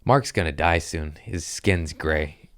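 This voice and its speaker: A man in his thirties with a rumbling low voice speaks slowly on a dry, clean studio recording. He hosts a comedy podcast, telling crude stories in a casual, profane manner and acting out the voices of the people in them.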